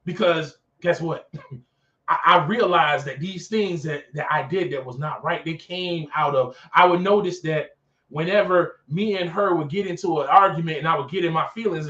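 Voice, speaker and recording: A man's voice: on the high side, normal speed. A man hosting a talk show, preaching casually and animatedly, repeating phrases for emphasis, recorded in an office. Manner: animated, acts out characters in skits. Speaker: podcast host. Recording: echoey room, dull sound, mic at a distance.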